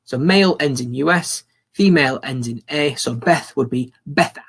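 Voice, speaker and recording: A man's voice: mid-range voice, normal speed, creaky, fairly bright tone, husky. A young man teaching a recorded school lesson, upbeat and encouraging, repeating phrases for learners to copy.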